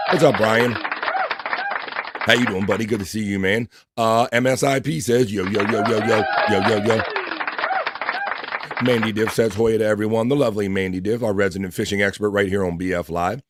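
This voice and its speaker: A man's voice: fairly low pitch, heavy background noise. A man hosting a casual livestream, reading viewers' messages aloud and greeting them by name in a loose, profane way. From East Coast of the United States. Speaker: livestream host reading chat.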